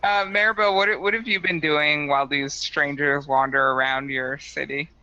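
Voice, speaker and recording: A man's voice: fairly high pitch, fairly even intonation, normal speed, pushed and bright, no room sound, lo-fi sound. A man running a tabletop role-play as game master, chatty and teasing.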